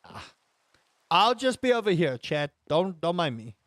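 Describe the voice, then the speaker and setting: A man's voice: high-pitched, big pitch swings, unhurried, a bit bright, no room sound, clean studio sound. A man live-streaming a game, talking casually to his chat and ranting with emphatic repetition. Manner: talks to his chat between tangents.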